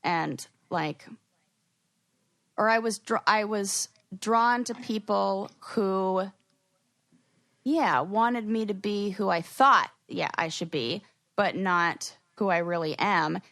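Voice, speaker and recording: A woman co-hosting a podcast in casual chat, excitable and loose, peppering her talk with "like" and casual swearing. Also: mid-range voice, slow, vocal fry, no echo. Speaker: podcast co-host.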